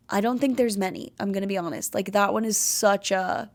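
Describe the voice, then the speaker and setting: A little fast and medium in pitch, this woman hosts a podcast and is in her late twenties, from Canada. Her delivery is earnest and confessional, casual and meandering, with lots of filler words.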